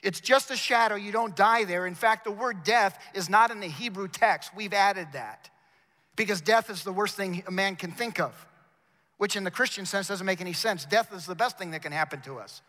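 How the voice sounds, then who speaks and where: High bright-voiced preacher in a hall. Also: male voice, normal speed. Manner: emphatic, repeats words, addresses the congregation directly. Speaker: chapel preacher. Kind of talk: sermon. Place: university chapel. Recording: long reverb of a large chapel.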